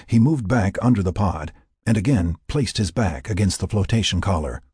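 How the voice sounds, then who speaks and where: A man with a low, raspy voice narrates a tense story in a measured way. His delivery moves widely up and down in pitch. The recording is dry and close, with no room sound. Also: lively intonation, dark tone, dry recording. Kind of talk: scripted narration.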